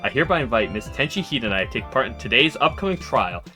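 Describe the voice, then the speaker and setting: A man's voice: mid-range voice, very animated, fast talker, sharp tone, faint music behind. A man voicing a prim, formal female messenger who teases politely, in a game read-through. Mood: formal teasing. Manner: courtly, formal diction.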